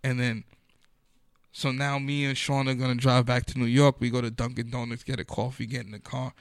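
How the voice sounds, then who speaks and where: A man's voice: medium pitch, level tone, brisk, no room sound, clean studio sound. A man, a comedian, telling stories in a loose, profane, slang-filled manner during a casual podcast chat.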